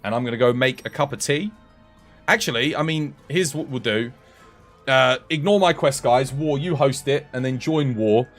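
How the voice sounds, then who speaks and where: A British man streaming a game, chatting in a relaxed way with his viewers while tired and dry in the throat. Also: mid-range voice, normal speed, soft background music. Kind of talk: live game stream commentary.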